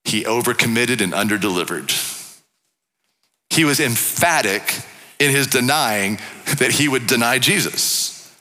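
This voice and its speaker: A man preaching a sermon as pastor, emphatic, swinging between loud declarations and low, slow stresses. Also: lively intonation. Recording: preached in a reverberant hall.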